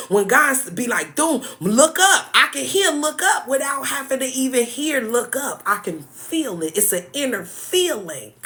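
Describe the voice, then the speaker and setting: Casting: woman, mindset coach on a live stream, bright and fairly high, lively and chatty. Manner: lively, thanks viewers by name, mixes scripture with chat. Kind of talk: casual live-stream chat.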